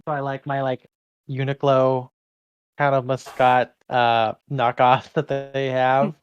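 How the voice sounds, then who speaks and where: A man's voice: mid-range voice, level tone, takes it slowly, clean tone, muffled recording. A man co-hosting a casual podcast, rambling with many fillers. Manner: rambling, lots of "like". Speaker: podcast co-host.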